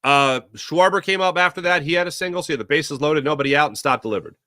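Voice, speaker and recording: A man's voice: fairly high pitch, fast talker, no echo, clean studio sound. A man hosting a sports talk show, chatting casually and rambling with jokes while he answers viewer comments. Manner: animated, rambling, jokey.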